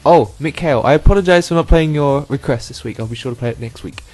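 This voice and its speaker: A man hosting a casual online show, playful and rambling, with lots of ums and quick asides. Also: mid-range voice, darkish tone, faint music behind. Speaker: host. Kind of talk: casual podcast chat.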